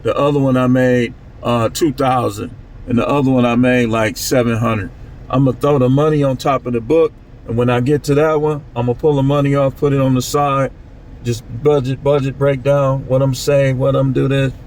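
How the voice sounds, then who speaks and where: A man's voice: mid-range voice, steady tone, moderate pace, a little mellow, a little hiss or hum, rough recording. A man talking casually to his channel in a loose, repetitive street-talk way. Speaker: channel host. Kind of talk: casual monologue vlog.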